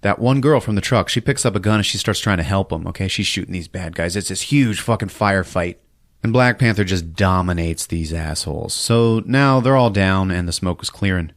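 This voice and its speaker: A man's voice: deep voice, fairly quick, dry recording, clean studio sound. A man hosting a podcast, giving a casual, profane, laughing recap of a film and acting out scenes. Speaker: podcast host.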